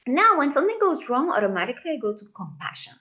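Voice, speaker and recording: A woman leading a live masterclass, talking warmly to her audience and acting out the voices people use on themselves. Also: sits high, fast, lo-fi sound. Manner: expressive, acts out inner voices, addresses audience as "you guys". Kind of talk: live online masterclass talk.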